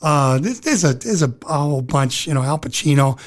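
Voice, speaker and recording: A man's voice: on the high side, lively intonation, fairly quick, hardly any pauses. A man from Massachusetts, a guest impressionist, talking earnestly and with enthusiasm in a casual podcast interview. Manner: enthusiastic, earnest, keeps affirming.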